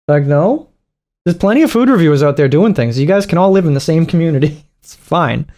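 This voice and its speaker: A man hosts a reaction video in loose, casual commentary. He is sarcastic and profane, mocking whatever he is watching. His voice sits somewhat high. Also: lively intonation, a little fast, dark tone.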